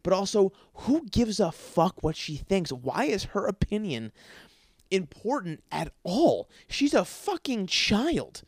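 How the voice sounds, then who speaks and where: A man hosting a podcast from his apartment, ranting with constant swearing, stuttering and repeated words, jumping between yelling and mumbling. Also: sits high, big pitch swings, takes it slowly, breathy edge, no room sound, studio quality. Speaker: podcast host. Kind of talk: profane ranting monologue. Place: his apartment, in a dark room. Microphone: studio microphone.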